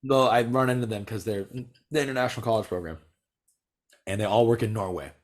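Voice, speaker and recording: A young American man chatting casually, telling a rambling story full of "like" and quick laughs. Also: fairly low pitch. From United States. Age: young adult. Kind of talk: casual chat.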